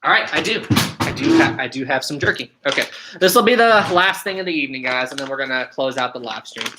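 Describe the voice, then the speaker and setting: A man's voice: mid-range voice, fast, heavy background noise. A man in his twenties hosting a casual livestream, upbeat and chatty, answering viewer questions and thanking his audience. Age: 20s. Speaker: livestream host.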